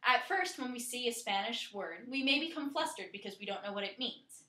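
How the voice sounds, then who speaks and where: A woman narrating a scripted lesson in a clear, steady way, slowing down to spell out and pronounce words. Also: fairly high pitch, reverberant. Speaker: teacher.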